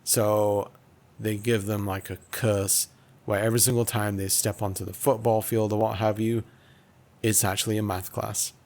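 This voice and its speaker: Rambling low-voiced podcast host. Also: male voice, little pitch movement, normal speed, a little mellow. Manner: rambling, stammers with repeated words. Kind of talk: casual comedic chat.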